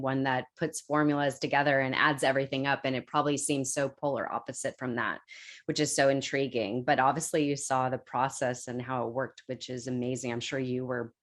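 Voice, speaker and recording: Host, female, unusually deep voice, warm enthusiastic interviewer. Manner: enthusiastic, encouraging. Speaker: podcast host. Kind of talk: interview questions.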